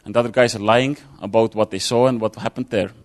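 A man's voice: on the low side, steady tone, a little fast. A man giving an informal sermon, talking it through casually with fillers and restarts. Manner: conversational, thinking aloud with fillers and restarts. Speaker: preacher.

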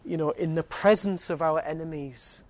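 A high-pitched man, preaching from the pulpit. He tells his stories with animated energy, often laughing and restarting his sentences. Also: normal speed. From Northeast England. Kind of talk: sermon with a personal story.

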